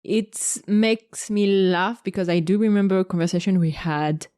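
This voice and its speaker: A woman's voice: mid-range voice, normal speed, dark tone, smooth, no echo, clean studio sound. A woman co-hosting a podcast, chatting in a casual, wry way. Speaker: podcast co-host. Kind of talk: casual chat.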